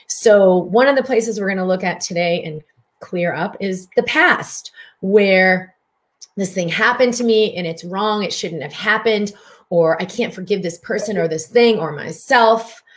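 A middle-aged woman physician hosting a live stream, chatty, greeting viewers by name as she guides a wellness session. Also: medium pitch.

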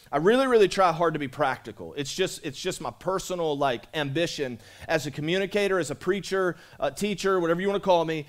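Chatty pastor preaching to his church. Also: fairly high pitch. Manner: conversational, repeats himself, calls out to the congregation. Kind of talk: sermon. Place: church sanctuary.

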